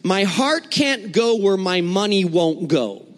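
A man preaching a sermon, explaining scripture and telling lively, humorous stories from his own life. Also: high voice, takes it slowly, long reverb tail. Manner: animated storytelling with humor. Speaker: pastor.

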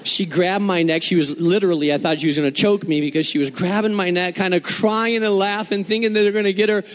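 A man preaching a sermon, explaining scripture and telling lively, humorous stories from his own life. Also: sits high, fast talker, in a large hall. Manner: animated storytelling with humor. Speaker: pastor.

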